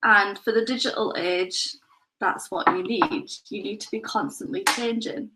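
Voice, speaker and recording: A woman's voice: medium pitch, fairly even intonation, moderate pace, heavy background noise. A woman with a North Yorkshire accent, slightly tinged with Scottish, co-hosting a casual chat and explaining things. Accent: North Yorkshire with a little Scottish. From North Yorkshire, England. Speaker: co-host.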